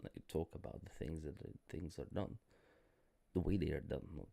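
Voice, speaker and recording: A man on a casual live stream, hoarse and tired, talking bluntly and rambling with many restarts. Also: extremely low pitch, moderate pace, warm tone. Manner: rambling, blunt, self-correcting. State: hoarse, voice cracking.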